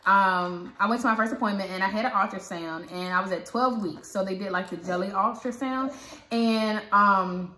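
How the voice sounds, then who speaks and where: A woman vlogger with a Southern American accent, chatting and retelling a story with lively quoted dialogue. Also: medium pitch, normal speed. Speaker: parenting vlogger. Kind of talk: casual storytelling. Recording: echoey room.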